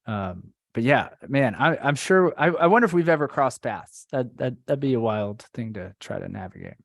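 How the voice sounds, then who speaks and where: A man's voice: mid-range voice, animated, moderate pace, creaky, no echo, clean studio sound. A man hosting a podcast, chatting in a rambling way and laughing easily. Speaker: podcast host. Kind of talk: casual podcast chat.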